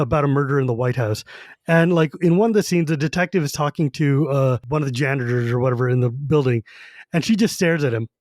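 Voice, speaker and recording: A man's voice: on the high side, dry recording, clean studio sound. A man co-hosting a podcast, chatting casually about a book and acting out its characters as he retells it. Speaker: podcast co-host.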